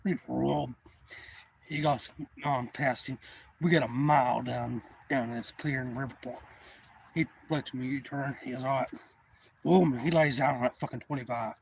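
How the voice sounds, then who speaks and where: A man's voice: mid-range voice, moderate pace, creaky, slight background noise. A man, telling a profane fishing story on his livestream. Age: 40s. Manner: profane, animated yarn-spinning. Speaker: livestream host.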